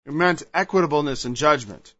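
A man with a slightly high, sharp-toned voice gives a brisk sermon, reading scripture and explaining it. Emphatic and digressive, he performs the voices he quotes; the recording is dull, lo-fi and dry.

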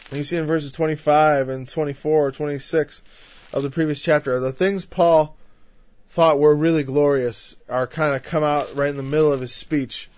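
A man's voice: a little high, fairly even intonation, moderate pace, darkish tone, dry recording. A man preaching a conversational sermon on a Bible passage, full of "you know" asides and rising into impassioned lists. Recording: dull, dry lo-fi recording.

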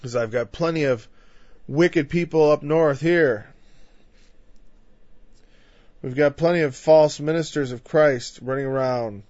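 A man's voice: on the high side, normal speed, darkish tone, no echo. A man preaching a conversational sermon on a Bible passage, full of "you know" asides and rising into impassioned lists. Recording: dull, dry lo-fi recording.

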